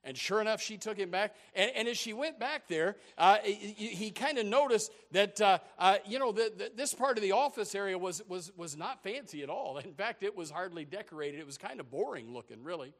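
A man's voice: sits high, animated, brisk, hardly any pauses, fairly bright tone. A man preaching a sermon as a folksy story, with many repeated restarts.

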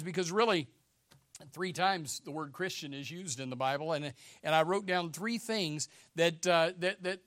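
A man with a notably high voice preaches a sermon with urgent, repetitive emphasis. He drops into softer, chatty asides full of restarts before building back up. The sound is close and dry, with no room around it. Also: no room sound. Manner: emphatic and repetitive, swinging between loud urgency and quiet asides; many fillers and restarts, conversational preaching. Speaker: pastor.

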